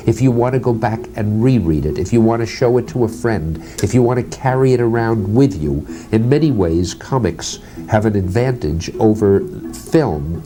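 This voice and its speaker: An older man being interviewed, telling stories from his life in an animated, lively way and acting out the dialogue. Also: on the low side. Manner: animated, lively storyteller who acts out dialogue. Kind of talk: storytelling interview.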